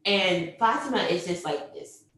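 A young woman telling a personal story, animated, acting out what people said and laughing often. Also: fairly low pitch, measured pace. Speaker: mother telling her birth story. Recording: very echoey room.

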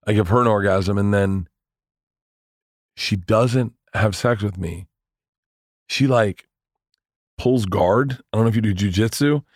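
This is a man with a somewhat low voice and a boisterous way of storytelling, full of profanity and laughter. He sounds like a comedian riffing on a podcast. The recording is dry and close. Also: unhurried, pauses often, no room sound. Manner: loud, animated, profane, laughs often. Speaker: comedian guest.

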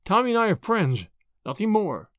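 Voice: medium pitch, big pitch swings, moderate pace, no echo, studio quality, voice pushed up, natural voice. A reader voicing a spirited, frank young woman in an audiobook, snappy and emotional. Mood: tart. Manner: snappy, emotional, talks to herself. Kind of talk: audiobook character voice.

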